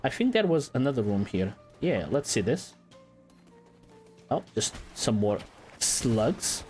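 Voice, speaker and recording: A man giving casual let's-play commentary in a relaxed, playful way, swearing now and then. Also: medium pitch, slow pace, soft background music. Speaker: gaming channel host.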